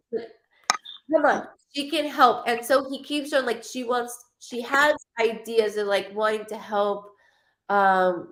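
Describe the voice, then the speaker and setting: High-voiced, rambling woman psychic medium. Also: fairly bright tone. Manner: rambling, emotional, swears freely. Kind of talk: live-streamed reading.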